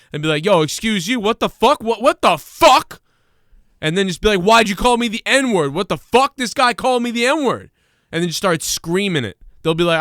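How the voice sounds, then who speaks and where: Man, talk show host, crude ranting, slightly high, smooth, dry close mic. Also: a bit bright, no echo. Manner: crude, ranting, mimics voices mid-story. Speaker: podcast host. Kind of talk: casual talk show banter.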